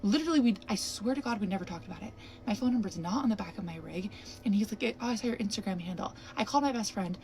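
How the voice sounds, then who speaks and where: A woman's voice: mid-range voice, fast talker. A young woman telling her own camping story in a casual vlog, talking animatedly with lots of fillers and restarts. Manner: breathless, animated retelling with many fillers.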